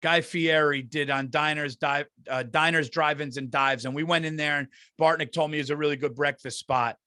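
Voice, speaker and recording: A man's voice: fairly high pitch, fairly even intonation, a little fast, bright, forceful tone, no echo, clean studio sound. A man, a comedian co-hosting a podcast, telling rambling profane stories in casual chat, saying dude constantly. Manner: rambling, profane, says dude a lot, restarts.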